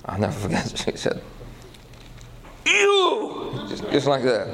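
A man's voice: medium pitch, a little fast, a crowd in the background, rough recording. A male pastor preaching a sermon, telling a story and checking in with the audience through questions. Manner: animated, asks the audience questions.

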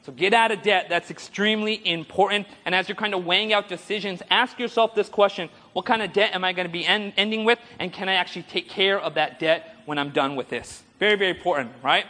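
A man's voice: high voice, fast talker, hardly any pauses. A man preacher telling stories in a sermon and calling for amens from the congregation. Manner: storytelling, animated, asks audience for amens. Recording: long hall reverb.

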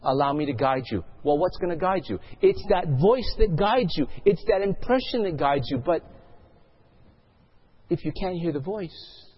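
A man's voice: high voice, animated, a little slow, slightly rough, muffled recording. A male pastor delivering a sermon, telling a story and asking the congregation questions.

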